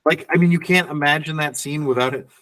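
A man's voice: on the high side, fast, a bit bright, recorded from a distance. A man co-hosting a casual film podcast, reading out trivia notes and laughing often. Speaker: podcast co-host.

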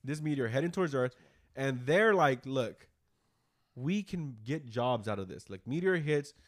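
A man's voice: mid-range voice, expressive, a little slow. A man hosting a casual podcast, retelling a movie in a rambling, profane way. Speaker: podcast host. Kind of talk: casual chat.

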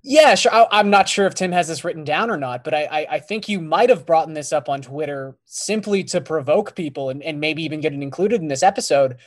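A man chatting on a podcast in a measured, dryly teasing way. He lays out his points patiently and pokes gently at the others. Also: on the high side, animated. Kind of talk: casual chat.

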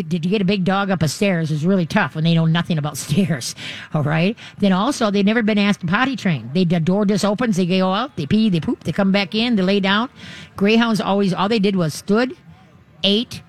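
This is a dog trainer giving casual, off-the-cuff advice, talking quickly and rambling through restarts. The voice sits at a middle pitch and keeps jumping up into high, playful voices to act out owners and their dogs.

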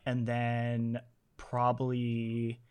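A man's voice: mid-range voice, monotone, extremely slow, a little mellow, clean tone. A man hosting a podcast, rambling enthusiastically in casual chat. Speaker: podcast host.

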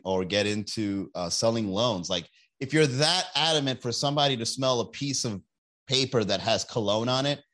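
A man's voice: mid-range voice, a bit bright. Joking rambling young man podcasting. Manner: joking, rambling, acts out others in quick put-on voices. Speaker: podcast host. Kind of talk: casual livestream podcast chat.

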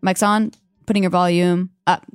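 Low-voiced young woman radio DJ. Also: little pitch movement, smooth, no echo, studio quality. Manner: filler-heavy, halting with many likes. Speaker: college radio DJ. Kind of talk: casual chat. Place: radio station studio. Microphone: studio microphone.

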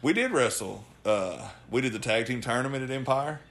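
A man telling a rowdy story among friends. His voice is bright and forward. He swears freely and laughs through his tales. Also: medium pitch, moderate pace. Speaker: podcast co-host. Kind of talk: casual chat.

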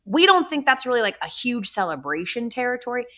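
A woman in her thirties co-hosting a sports chat, talking frankly and with mock exasperation. Her pitch moves a lot, rising and falling as she tells a story. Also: big pitch swings, a little fast, bright, forceful tone. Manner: chatty, exasperated, candid. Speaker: co-host. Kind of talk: casual sports talk.

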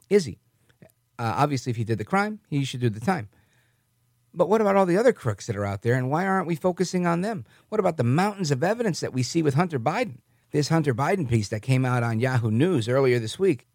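A man's voice: medium pitch, a little mellow, no echo, clean studio sound. A man from New Jersey giving a conversational political commentary monologue, often asking "right?" and reading news reports aloud. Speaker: commentary host.

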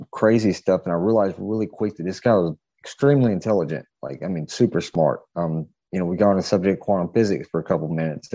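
A man with a very deep, dark voice tells a story casually, stumbling through fillers and restarts. The sound is dry and a little dull, like a lo-fi remote call. He loops back on himself as he tries to get it all out. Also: no room sound. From southeastern United States. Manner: rambling, hesitant, many fillers and restarts. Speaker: podcast guest.

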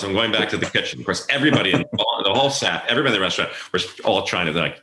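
Middle aged guy with a low bright voice telling stories in an echoey room, does all the voices. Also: fast talker, few pauses, a little hiss or hum. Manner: animated storyteller acting out quoted voices. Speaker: guest, event planner. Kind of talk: casual storytelling interview.

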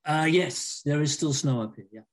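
British male guest, easygoing and good-humored, a touch high-voiced. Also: normal speed. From Britain. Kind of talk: casual chat.

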